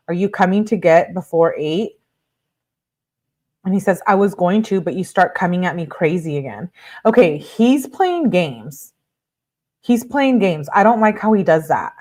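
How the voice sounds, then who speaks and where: A woman hosting a true-crime commentary, casually reading text messages aloud and adding her own chatty reactions. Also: fairly low pitch.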